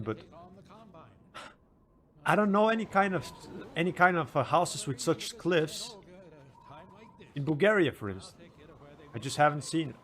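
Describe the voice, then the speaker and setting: A man streaming a game, chatting excitedly with laughs and restarts, then slipping into dramatic lore narration. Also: on the high side. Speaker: gaming streamer.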